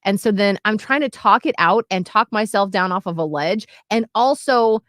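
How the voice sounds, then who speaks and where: A woman in her thirties co-hosting a radio show, retelling a story in an animated, excitable way. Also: medium pitch, moderate pace, dry recording, clean studio sound. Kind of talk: casual chat.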